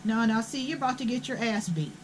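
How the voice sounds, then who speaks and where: Older woman, blunt and profane, slightly high voice. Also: lively intonation, fast, a little hiss or hum, low-quality recording. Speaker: host. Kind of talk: casual storytelling.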